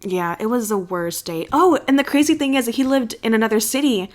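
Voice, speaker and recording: A young American woman co-hosting a podcast tells a story in an animated, casual way, her voice a little high and brisk. She swears freely and acts out the voices of the people involved.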